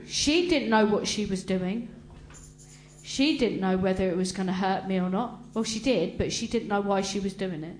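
A woman giving an emotional personal testimony to a congregation, talking earnestly and haltingly with frequent restarts. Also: medium pitch, darkish tone. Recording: roomy echo with faint hum.

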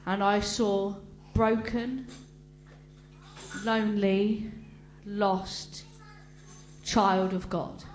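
Woman, personal testimony, slow and halting, roomy echo. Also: medium pitch, fairly even intonation, soft background music. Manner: earnest, halting, with repeated restarts. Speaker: speaker giving a testimony. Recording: roomy echo with faint hum.

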